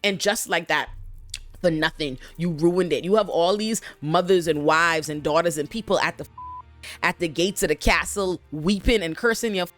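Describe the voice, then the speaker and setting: A woman's voice: lowish voice, normal speed, faint music behind, close to an everyday voice. Woman putting on an exasperated old royal advisor. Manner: profane, incredulous scolding. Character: exasperated elderly male royal advisor, a grandfather.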